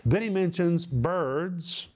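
Middle-aged male preacher, somewhat high voice, emphatic and deliberate teaching sermon. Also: darkish tone. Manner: deliberate, emphatic word-by-word explanation. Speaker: Bible teacher.

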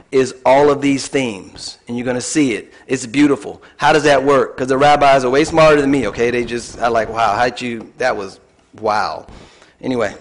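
A man preaching a casual, conversational sermon to a congregation, with rambling asides and questions to the room. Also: mid-range voice. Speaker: pastor.

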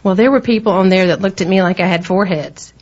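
This is a Southern-accented, middle-aged woman co-hosting a talk radio program, her on-air chatter loose, rambling and full of laughter. Her medium-pitched voice moves fast and has a darkish tone. It was captured in a radio studio on a dull, lo-fi radio recording.

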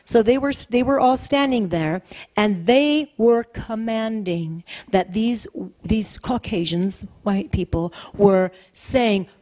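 A woman's voice: mid-range voice, takes it slowly, mellow. A woman pastor preaching a sermon in a conversational, emphatic way, repeating phrases for weight.

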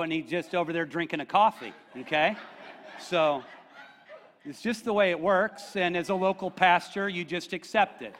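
A man's voice: fairly high pitch, a bit bright, a little hiss or hum. A middle-aged man preaching a conversational sermon as pastor, joking with the congregation and often checking in with "okay?".

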